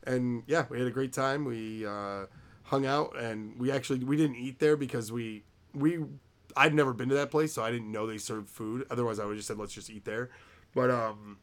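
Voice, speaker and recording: A man's voice: mid-range voice, normal speed. A man co-hosting a casual podcast, chatty and rambling with lots of fillers, often laughing. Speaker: podcast co-host.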